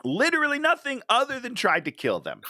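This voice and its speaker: A man in a casual movie-review conversation, mocking the story and slipping into exaggerated voices for the characters. His voice is bright and swings widely in pitch. The sound is dry and close. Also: wildly swooping pitch, fairly quick, no echo. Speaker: podcast co-host.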